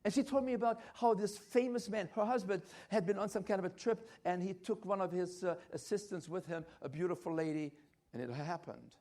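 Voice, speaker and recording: A man's voice: high voice, fairly quick, a little mellow. An older man giving a church health lecture, emphatic and repetitive, with frequent hesitant restarts. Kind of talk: health talk at a church conference.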